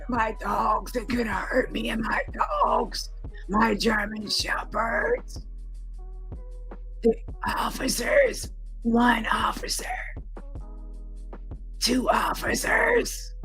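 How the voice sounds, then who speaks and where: A woman mimicking a melodramatic, self-pitying woman, gasping and whisper-shouting in a mocking way. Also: a little high, lively intonation, drawn-out words, long pauses, soft background music, full character voice, rough recording. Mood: mocking frantic.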